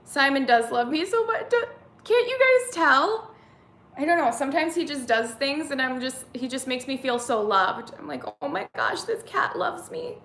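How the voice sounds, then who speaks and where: A woman's voice: high-pitched, animated, moderate pace, fairly bright tone, reverberant. A woman in her thirties hosting a casual live-stream chat, reading viewer comments aloud and answering them. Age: 30s.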